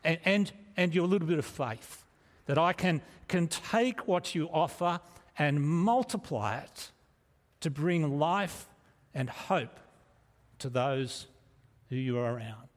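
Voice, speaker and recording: A man's voice: on the high side, lively intonation, slow. A man preaching a sermon in an earnest, emphatic way, often restarting his phrases. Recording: echoey hall reverb.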